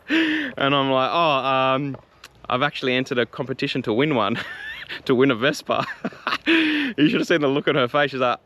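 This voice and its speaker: A young man casually retelling a personal faith story, chatty and quick to laugh, with lots of fillers and restarts. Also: mid-range voice, animated, fairly bright tone.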